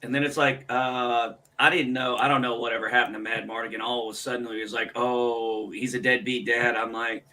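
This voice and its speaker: A man's voice: mid-range voice, flat delivery, fast, few pauses, bright, forceful tone. A man hosting a casual stream, ranting sarcastically and swearing freely. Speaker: streamer host.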